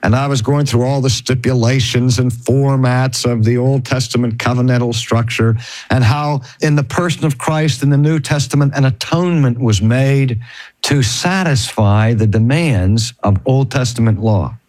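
A man preaching and teaching, telling a story with emphatic, slowed stresses on key phrases. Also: medium pitch, darkish tone, dry recording. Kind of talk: storytelling sermon.

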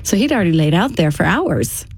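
A woman telling a personal story to an interviewer in a casual, halting way, with frequent restarts. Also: fairly low pitch, very animated, slightly rough, dry recording. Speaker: interview guest.

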